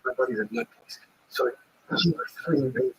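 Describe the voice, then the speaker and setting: A man in casual chat, retelling a story in an animated way, swearing freely and acting out what others said. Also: high voice, a little fast, gravelly, husky, dull audio. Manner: animated, swearing, acts out quotes. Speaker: livestream host.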